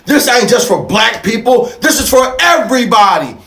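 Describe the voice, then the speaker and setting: A man with a high voice holds forth in a fiery, profane, preaching monologue. His pitch leaps and dips as he hammers his points home through repetition, and the recording has a roomy echo. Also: expressive, normal speed, creaky, a bit bright. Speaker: show host. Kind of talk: impassioned monologue.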